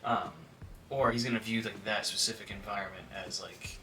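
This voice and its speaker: Forceful, bright-voiced man talking casually. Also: fairly low pitch, fairly even intonation, normal speed, recorded from a distance, faint music behind. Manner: conversational, frequent filler words, acts out quoted dogs and owners. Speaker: dog trainer. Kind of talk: casual talk to camera.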